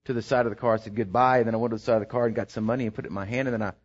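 A man's voice: lowish voice, fairly even intonation, rapid-fire. A middle-aged man, a pastor telling a rambling story in his sermon that builds into emphatic preaching. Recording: dull lo-fi sermon recording.

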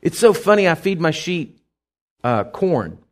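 Male pastor, middle-aged, folksy sermon delivery, slightly high voice, very lively pitch. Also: a little slow. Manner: folksy, conversational preaching with asides and questions to listeners.

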